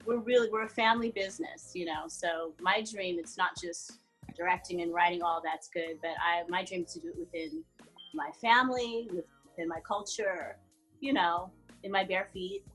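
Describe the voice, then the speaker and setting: A woman's voice: lowish voice, moderate pace, faint music behind, poor audio. A woman guest in a casual interview, telling stories and laughing often. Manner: laughs often, animated storyteller. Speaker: guest actress.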